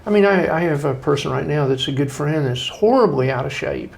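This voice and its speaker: Gravelly, high-ish middle-aged man; animated storytelling guest. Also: brisk. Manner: folksy, animated storytelling with acted-out quotes. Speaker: guest author. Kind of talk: conversational interview.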